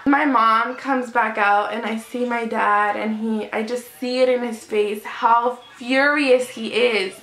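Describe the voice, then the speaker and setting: High bright teenage girl, echoey room. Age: teens. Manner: chatty, lots of "like", emotional retelling. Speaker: vlogger. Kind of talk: storytime vlog. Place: home room in natural evening light.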